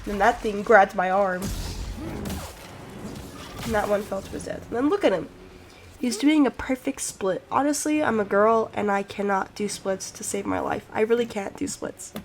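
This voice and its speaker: A woman's voice: medium pitch, moderate pace, poor audio. Casual female game streamer, self-mocking and rambling, medium voice, light noise floor. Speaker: gaming channel host. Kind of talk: let's play commentary.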